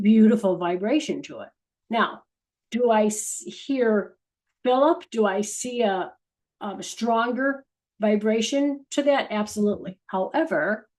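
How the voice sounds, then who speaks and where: A woman of ordinary middle pitch shares channeled spiritual guidance in a relaxed, rambling way. She circles back, restarts sentences, and lets phrases fade to a softer level. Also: low-quality recording. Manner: earnest, rambling, with restarts and soft trailing ends. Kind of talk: casual spiritual talk to viewers.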